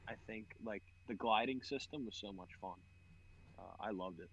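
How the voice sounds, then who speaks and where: A man's voice: fairly low pitch, moderate pace, fairly bright tone, lo-fi sound, slight background noise. A young man co-hosting a podcast, chatting casually and laughing about video games while he plays, swearing often. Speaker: podcast co-host. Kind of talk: casual gaming chat while playing.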